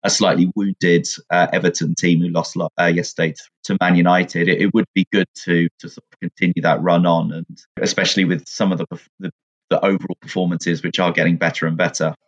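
A man talking football in a halting way, with many fillers and restarts. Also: deep voice, flat delivery, dull audio. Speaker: podcast co-host. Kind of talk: casual football chat.

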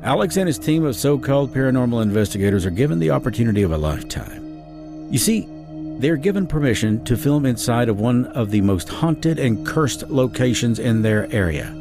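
With music behind him, a true-crime podcast host spins a dramatic tale at a fairly brisk clip, his pitch swinging sharply up and down. He narrates audiobooks as well.

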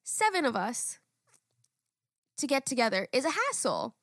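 A young woman co-hosting a podcast, telling stories in a lively, animated way and swearing freely. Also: sits high, measured pace, no room sound, clean studio sound. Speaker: podcast co-host. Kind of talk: casual chat.

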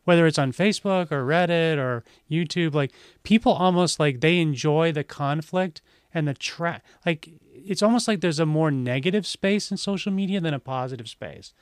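A man's voice: fairly high pitch, moderate pace, hardly any pauses, clean tone, no echo, clean studio sound. A man co-hosting a podcast, talking casually and rambling with lots of fillers. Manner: rambling, heavy use of "like" fillers. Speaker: podcast co-host.

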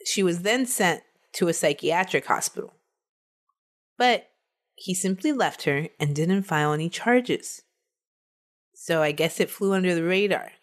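A woman's voice: fairly low pitch, a little slow, pauses often. A woman co-hosting a podcast, telling a true-crime case in a casual, chatty way and laughing between the facts.

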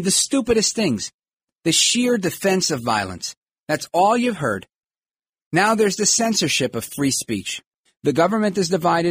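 A man's voice: a little high, slightly rough. A man hosting a podcast, giving emphatic political commentary and acting out quoted voices. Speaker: podcast host.

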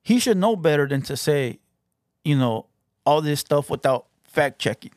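A man's voice: on the high side, lively intonation, normal speed, darkish tone, no echo, clean studio sound. A man hosting a podcast, giving heated, profanity-laced reaction commentary and taunting his critics. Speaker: podcast host reacting to clips.

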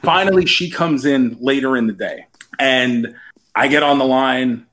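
A young man from New York telling a story in casual chat, rambling and animated with lots of "like". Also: medium pitch, a little slow. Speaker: podcast storyteller.

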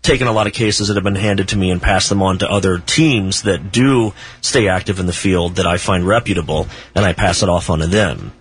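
A man who writes about the paranormal, talking as a guest in a casual radio interview, telling stories slowly with small laughs. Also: low-pitched, breathy edge. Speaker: paranormal author and researcher, guest.

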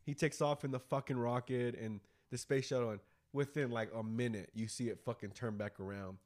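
A man's voice: medium pitch, steady tone, a little fast, a little mellow. A man hosting a casual podcast, retelling a movie in a rambling, profane way. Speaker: podcast host. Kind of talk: casual chat.

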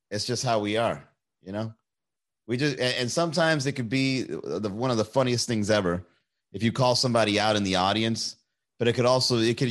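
A male stand-up comedian telling a story in a casual livestream, rambling, animated and full of profanity. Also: medium pitch.

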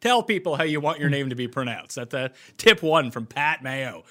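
A man from Louisiana co-hosting a sports podcast, opinionated and animated in casual chat. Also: mid-range voice, normal speed. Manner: opinionated, animated, fussy about pronunciation. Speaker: podcast co-host.

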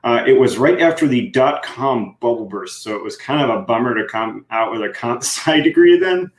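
A man's voice: medium pitch, animated, normal speed. A man co-hosting a podcast in casual chat, enthusiastic and loose, with lots of fillers and "right?" tags. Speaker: podcast co-host. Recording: echoey room sound.

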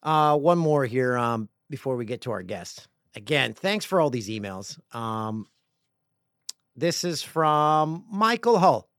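A middle-aged man hosting a casual podcast, reading listener emails aloud with playful, jokey, rambling asides that swing between loud bursts and quiet mutters. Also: medium pitch, sing-song, takes it slowly, clear, resonant tone, no room sound, studio quality. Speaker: podcast host.

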